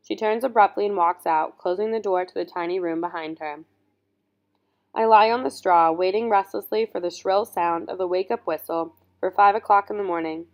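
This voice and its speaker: A woman reading a first-person audiobook in scripted narration, measured and earnest. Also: on the low side, lo-fi sound.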